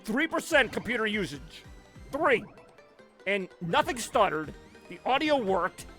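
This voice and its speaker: High-voiced man, always sounding angry. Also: unhurried, faint music behind. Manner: sounds angry even when he is not; rambling, animated. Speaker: live streamer. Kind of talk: casual live-stream chat. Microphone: headset.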